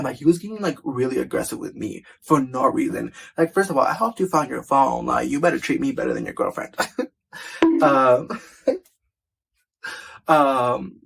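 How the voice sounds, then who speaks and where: A man vlogger telling a personal story in casual storytime style, animated and profane, filling his talk with "like". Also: medium pitch, moderate pace, gravelly, husky. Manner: animated, profane, filler-heavy with constant "like".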